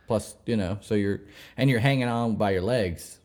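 A man with a fairly low voice hosts a casual podcast. He talks in an easygoing, chatty way and swears freely. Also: moderate pace, a little mellow. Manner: laid-back, profane, chatty. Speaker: podcast host and commercial diver.

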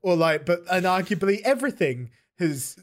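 A man co-hosting a casual podcast, playful and quick to laugh, reading passages aloud in a mock-serious tone. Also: sits high, expressive. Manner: playful, reads quotes with mock gravity and laughs often. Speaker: podcast co-host.

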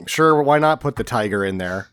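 A man's voice: medium pitch, expressive, moderate pace, a bit bright, smooth, no room sound, studio quality. A man co-hosting a casual movie podcast, joking sarcastically and swearing freely. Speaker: podcast co-host. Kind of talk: casual movie-review chat.

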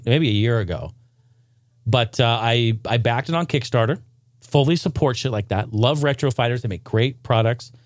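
A young man hosting a casual gaming news podcast, rambling and joking, sometimes breaking into loud shouted bits. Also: mid-range voice, no echo, studio quality. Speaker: podcast host.

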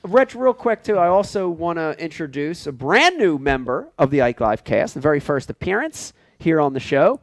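A male host with a high, springy voice that swoops up and down as he greets the audience and banters with friends. He laughs often and talks in a dry, close sound with no room ring. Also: big pitch swings, normal speed, hardly any pauses, dry recording. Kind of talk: live show banter.

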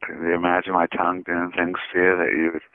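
A man's voice: low voice, little pitch movement, fast, dry recording. A man answering an ad by phone, eager and hesitant, keeps pressing for an address. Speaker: prank call target. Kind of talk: phone conversation. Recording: tinny phone line.

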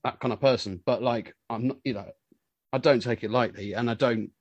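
A man in his forties, a musician being interviewed, telling stories in a rambling, animated way with lots of filler words. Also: medium pitch, fairly quick, no room sound, dull audio. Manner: rambling, animated storytelling full of "you know". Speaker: musician guest. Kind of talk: casual interview chat.

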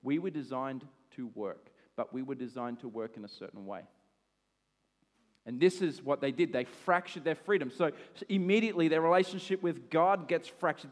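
Animated Australian preacher in a reverberant hall. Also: male voice, a little high. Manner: animated and conversational, with asides and laughs. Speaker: pastor. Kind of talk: sermon.

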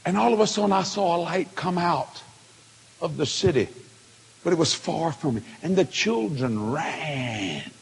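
A man preaching a testimony sermon, telling it with feeling and swinging from hushed tones to shouts. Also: fairly high pitch, expressive, unhurried, creaky, slightly rough. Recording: long hall reverb.

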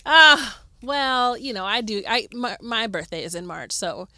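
A woman's voice: a little high, unhurried, sharp tone, dry recording, studio quality. A woman co-hosting a podcast in casual chat, upbeat and loose, saying "like" a lot. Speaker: podcast co-host.

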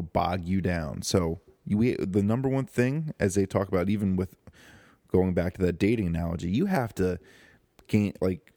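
Deep, rambling man hosting a podcast. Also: dark tone, no echo, studio quality. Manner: rambling, jokey, many fillers and restarts. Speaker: podcast host. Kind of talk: casual solo podcast monologue. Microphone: close studio microphone.

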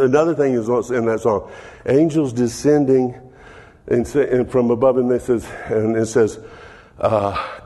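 A man's voice: medium pitch, warm tone, big-room sound. An older man preaching as a pastor, laughing often and dropping to a whisper in prayer. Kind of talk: sermon.

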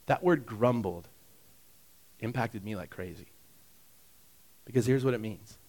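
Man preaching a lively sermon. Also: measured pace. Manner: swings from hushed, intimate asides to loud, high-pitched emphasis; conversational, with fillers and direct questions to listeners. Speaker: pastor.

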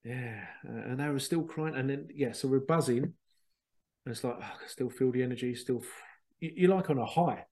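A man, a spiritual medium, casually telling a rambling, excitable story, repeating himself and swearing now and then. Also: medium pitch, moderate pace. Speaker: spiritual medium and podcast host.

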